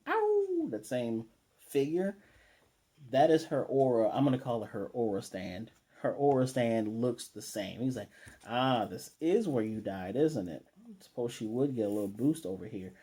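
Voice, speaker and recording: A man's voice: medium pitch, warm tone. A man casually recapping an anime episode, retelling the scenes loosely and quoting characters as he goes. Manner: loose retelling with quoted lines and restarts. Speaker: anime reviewer.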